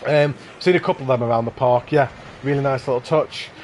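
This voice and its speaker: An upbeat man gushes casually over builds as he hosts a live walkthrough. His pitch sits in the middle range. A faint hiss of noise runs behind his voice. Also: fairly quick, darkish tone. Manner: enthusiastic, effusive praise. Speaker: livestream host touring contest parks.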